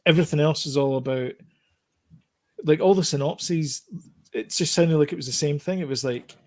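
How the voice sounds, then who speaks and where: A man's voice: fairly high pitch, normal speed, a little mellow. Rambling man chatting about TV. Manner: rambling, many fillers and restarts. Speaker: podcast co-host. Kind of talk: casual chat about TV shows.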